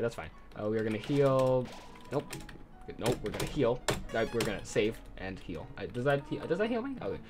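A man's voice: lowish voice, sing-song, brisk, a little mellow, soft background music. A man chatting casually while playing a video game, rambling and correcting himself as he goes. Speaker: let's play gamer. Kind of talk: casual gameplay commentary.

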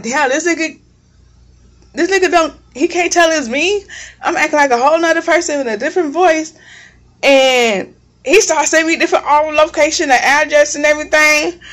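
A woman's voice: high-pitched, fairly bright tone. A young woman vlogger telling a long story in a casual, blunt and profane way, rambling as she goes. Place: home kitchen.

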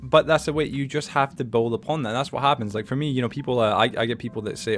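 Fast-talking young man, light Scottish accent. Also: medium pitch. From Scotland. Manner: quick, animated, says "you know what I'm saying". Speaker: podcast host. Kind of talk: casual podcast chat.

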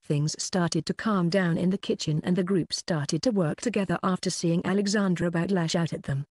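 Reading a web novel for an audiobook, the narrator keeps a mid-pitched, steady, unhurried pace. The sound is dry and close-miked, free of any room sound.

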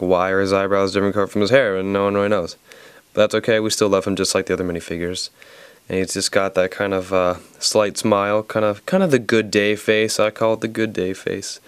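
A man's voice: lowish voice, clean tone, dry recording. A man with a Southern American accent, reviewing a toy set in a rambling, jokey, playful way. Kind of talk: casual video review.

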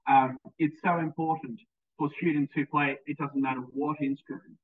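A man's voice: a little high, level tone, moderate pace, a little hiss or hum. A male music teacher giving a recorded presentation, enthusiastic, with frequent ums and repeated words. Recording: tinny phone-like sound, distant mic.

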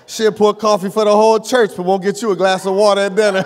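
High-voiced preacher in an echoing hall. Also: male voice, level tone, a little fast. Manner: rising to shouts, joking with the congregation. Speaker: pastor. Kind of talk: preaching a sermon. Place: church sanctuary. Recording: long reverb of a church hall.

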